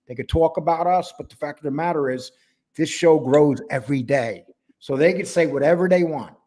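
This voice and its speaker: Brisk and mellow, with a voice on the high side, a man from New York hosts a casual podcast. He has a New York accent mixed with Wisconsin and rambles talkatively from topic to topic.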